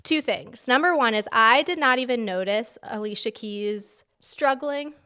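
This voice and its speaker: A woman co-hosting a podcast in casual chat, telling animated stories and acting out quotes. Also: on the high side, a little slow, clean tone. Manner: animated storyteller, acts out quotes. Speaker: podcast co-host. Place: home basement.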